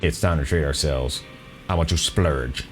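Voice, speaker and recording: A man's voice: a bass voice, normal speed, soft background music. A man casually commenting on a video game playthrough, playful, reading dialogue and repeating phrases for fun. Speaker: gameplay streamer.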